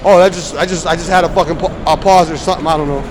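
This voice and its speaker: Racing along in a steady, higher-pitched voice, a forties-aged man holds his phone camera as he walks outdoors on a cold city street. His casual vlog rant is blunt and emphatic and laced with frequent cursing. There's noise in the background.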